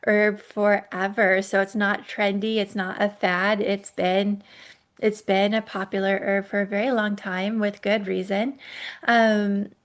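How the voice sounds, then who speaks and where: A woman hosting a casual herbal podcast, chatty and hedging, with frequent ums and self-corrections. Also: mid-range voice. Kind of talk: casual solo podcast talk.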